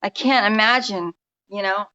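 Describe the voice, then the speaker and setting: Joining a casual storytelling interview by remote call, a New York energy healer in her 50s speaks at medium pitch and normal speed in a bright voice. She confides, rambles and keeps restarting, and the sound is dull.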